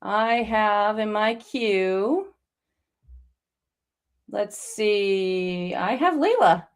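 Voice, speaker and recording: A woman's voice: medium pitch, lively intonation, drawn-out words, clean tone. A woman hosting a live online psychic reading, talking to callers in a reassuring, encouraging way. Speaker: psychic medium host.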